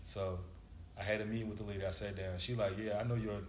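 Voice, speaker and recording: Laid-back low-voiced man telling a story. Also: little pitch movement, fast. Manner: laid-back slangy storyteller, acts out dialogue. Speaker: interview guest, former basketball player. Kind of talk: casual storytelling. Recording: echoey room with faint background noise.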